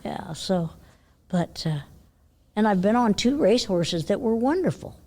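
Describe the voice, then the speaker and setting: This is a horse trainer, an older woman being interviewed casually about horse shows. Her voice is mid-range and a little slow; she stays animated, laughs frequently, and drops to a hush when she quotes her own words.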